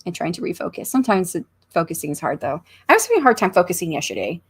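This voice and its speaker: A woman's voice: on the low side, big pitch swings, rapid-fire, breathy edge. A middle-aged American woman hosting a casual writing livestream from a room at home, chatting in a rambling, think-aloud way and reading viewer comments aloud. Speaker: author livestream host.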